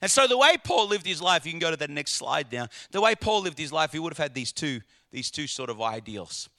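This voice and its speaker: A pastor preaches to his congregation emphatically, posing rhetorical questions and repeating words as he builds a point. His slightly high voice is sing-song and sharp, moving fairly quickly.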